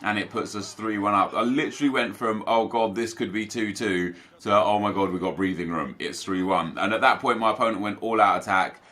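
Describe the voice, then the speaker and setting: A man's voice: on the low side, fairly quick, hardly any pauses, bright, forceful tone. A young man giving casual, chatty commentary over his own football video game matches for viewers. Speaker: gaming YouTuber.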